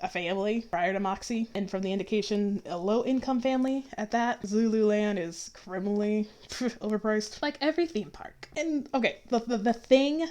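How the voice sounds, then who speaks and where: A YouTube reviewer with a mid-range, slightly mellow voice delivers a casual, opinionated review at normal speed. She's chatty and tosses in sarcastic asides.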